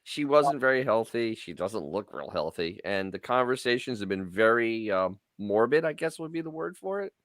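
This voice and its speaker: A man co-hosting a podcast in casual chat, speaking haltingly with stumbling restarts and often agreeing. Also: medium pitch, sing-song, a bit bright, no room sound. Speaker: podcast co-host.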